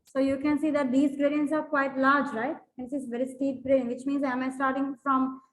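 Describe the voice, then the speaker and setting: A woman's high voice, with little pitch movement and a fairly quick pace, carries a classroom maths lesson explaining graphs. She tends to repeat herself, restarting often and filling gaps, while regularly asking if the students understand. It's a rough recording.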